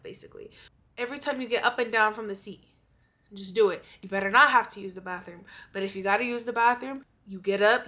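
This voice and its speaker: A woman's voice: fairly high pitch, pushed and bright. A young woman vlogger giving blunt, profane advice in a casual monologue, often out of breath.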